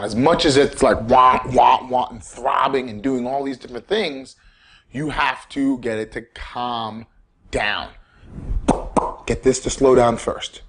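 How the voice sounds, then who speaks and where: A man giving casual, animated self-care advice, repeating key points and coaching the listener. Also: mid-range voice. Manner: animated, repetitive coaching, acts out quoted inner voices. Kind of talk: casual instructional talk.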